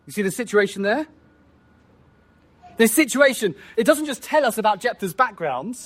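Guy preaching a sermon, kinda high voice, keeps asking the room questions. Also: big pitch swings, fast, a bit bright. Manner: rhetorical, asks the listeners questions.

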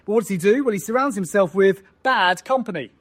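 A man delivering a sermon in a voice that sits high for a man. He walks his listeners through the text verse by verse, often ending points with rhetorical questions. He speaks as a preacher addressing his congregation. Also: lively intonation, fairly quick.

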